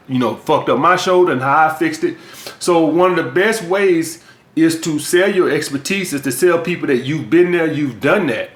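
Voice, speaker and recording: A man's voice: a little high, fairly bright tone. A man from the US South with a Southern accent, giving blunt, profane dating and sales advice as a coach in a vlog monologue. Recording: echoey room.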